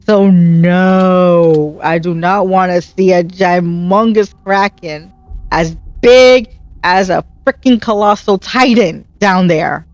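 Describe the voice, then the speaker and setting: A woman's voice: lowish voice, takes it slowly, no room sound, muffled recording. Earnest woman giving gameplay commentary. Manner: earnest, heartfelt, encouraging. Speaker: gaming channel host.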